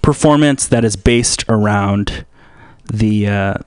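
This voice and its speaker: A man's voice: on the low side, slow pace, a little mellow, smooth, dry recording, studio quality. A young man hosting a radio show, rambling through a comedic monologue with many restarts. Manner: meandering, restarts a lot, switches into put-on voices.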